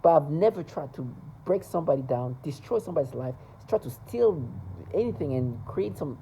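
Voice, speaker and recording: A man's voice: on the high side, lively intonation, fairly quick, vocal fry, dark tone, a little hiss or hum, low-quality recording. A man talking to camera in a rambling, agitated monologue, repeating himself and stumbling over restarts.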